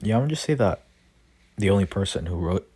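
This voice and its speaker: Husky, low young male storyteller; slow, rambling, filler-heavy casual delivery. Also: expressive. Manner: rambling, many fillers and restarts; reads character lines quietly without voices. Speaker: fan storyteller. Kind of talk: casual fan-fiction retelling.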